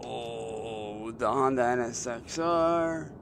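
A man's voice: mid-range voice, slow, creaky, noisy background. Casual young man streaming a game. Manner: loose, swearing, mocks trolls, excitable about cars.

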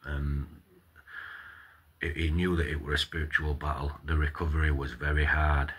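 A man's voice: rumbling low, level tone, moderate pace, a bit bright, breathy edge. A man, vlogging a casual reaction and ranting with plenty of swearing.

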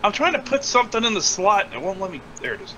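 A man's voice: high-pitched, big pitch swings, fast, bright, forceful tone, slight background noise. A man in a casual gaming voice chat who teases his friends and swears at the game. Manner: teasing, exclaims and swears at the game. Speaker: gamer on voice chat.

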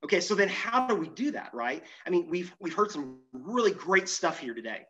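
Animated man giving a muffled talk. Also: sits high, moderate pace. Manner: animated, self-deprecating, moves around while talking. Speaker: conference speaker. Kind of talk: energetic conference presentation. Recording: muffled, lo-fi sound.

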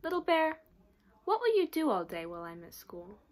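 A woman's voice: high-pitched, very animated, normal speed, voice pushed up. A woman reading aloud, voicing an eager, polite young boy.

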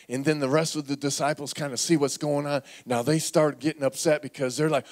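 A man pastor preaching a sermon in a church, animated and calling on the congregation to repeat words back. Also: fairly high pitch, brisk, few pauses. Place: church sanctuary.

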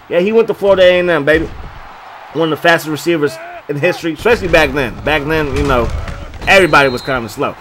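A man calling his own football video game like a sportscaster, with play-by-play that jumps into loud, excited bursts on big plays. His voice sits a touch above the usual male range. Faint background noise runs under it. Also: a little high, a little fast.

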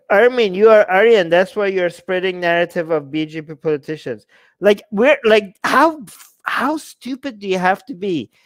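A man's voice: sits high, no echo. A man hosting a livestream, mocking and exasperated as he reacts to the live chat. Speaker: livestream host. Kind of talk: livestream commentary.

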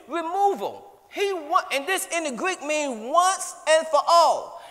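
A man's voice: extremely high pitch, very animated, normal speed, few pauses, sharp tone. A man preaching a sermon as pastor, hollering with fervent energy in a church. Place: church sanctuary. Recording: long reverb of a church hall.

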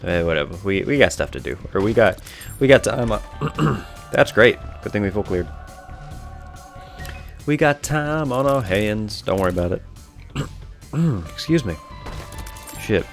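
A man's voice: lowish voice, big pitch swings, unhurried, creaky, pauses often, soft background music. A young man casually commenting on his own gameplay, rambling, correcting himself and laughing often, on a headset mic. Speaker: gaming video host.

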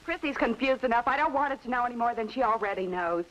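A woman's voice: a little high, animated, fast talker, a bit bright. An actress playing a distraught young wife and mother who speaks emotionally, on a muffled old TV soundtrack. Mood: defensive. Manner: pleading, emotional.

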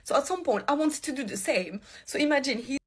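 A woman's voice: high-pitched, animated, fast. A woman telling a personal story to camera in an agitated, rambling way.

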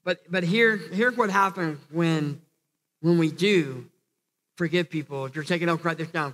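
A man's voice: a little high, normal speed, fairly bright tone. A man preaching a sermon as pastor, earnest, often restarting and repeating phrases, building to emphatic peaks. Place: church hall. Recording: long church hall reverb.

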